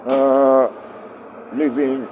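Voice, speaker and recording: A man's voice: medium pitch, flat delivery, extremely slow, phone-quality sound, noisy background. A middle-aged man livestreaming, rambling and swearing casually as he answers his viewers.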